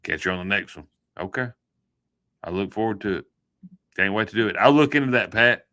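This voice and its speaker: A man's voice: on the low side, expressive, brisk, bright, forceful tone. A man hosting a livestream, rambling through a joking, folksy sign-off chat. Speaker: livestream host.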